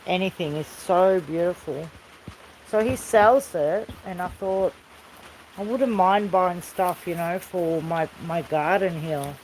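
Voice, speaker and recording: A woman's voice: lowish voice, takes it slowly, darkish tone, slight background noise, rough recording. A woman with an Australian accent chatting in a rambling, easygoing way outdoors by a fire, calling out now and then to people off camera. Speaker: vlogger. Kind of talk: casual chat. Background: rain falling.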